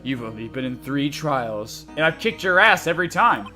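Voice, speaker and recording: A man voicing a cold, haughty male rival prosecutor with a low, brooding, scornful drawl. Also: very animated, moderate pace, pushed and bright, soft background music. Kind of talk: comedic let's-play voice acting.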